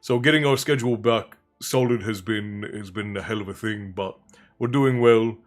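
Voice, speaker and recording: A man's voice: lowish voice, moderate pace, faint music behind. A man hosting a livestream, chatting in a rambling, friendly way with viewers between stretches of reading aloud. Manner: rambling, chatty, greets viewers warmly by name. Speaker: livestream storyteller and host. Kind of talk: casual livestream chat and book reading.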